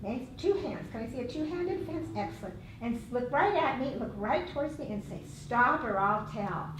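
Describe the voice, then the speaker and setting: A woman's voice: high voice, big pitch swings, brisk, background noise. A woman teaching a safety workshop in an upbeat, encouraging way, giving directions to a group. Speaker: safety instructor. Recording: echoey room, distant mic.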